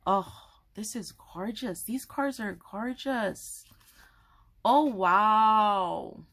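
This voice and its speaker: Bright, lively woman vlogger, gushes and laughs while she unboxes, talking straight to camera. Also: a little high, vocal fry. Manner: gushing, excitable, apologetic, laughs often. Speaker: tarot content creator. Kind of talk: casual unboxing chat to camera. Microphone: camera mic, holding cards up to camera.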